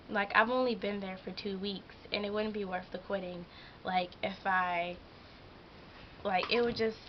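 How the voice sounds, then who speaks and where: A woman's voice: a little high, dull audio, slight background noise. A teenage girl vlogging at home, telling a story about her job in a chatty, emotional way with lots of "like". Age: teens. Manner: chatty, heavy use of "like", emotional venting. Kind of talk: casual vlog storytelling. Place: hot room at home.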